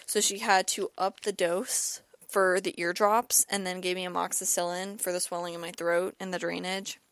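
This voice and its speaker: Recorded with no room sound, this young woman's voice sits on the low side, steady in tone and moderate in pace. Ill with an ear and throat infection, she hosts her podcast and tells a personal story in a loose, rambling way full of repeats and "like."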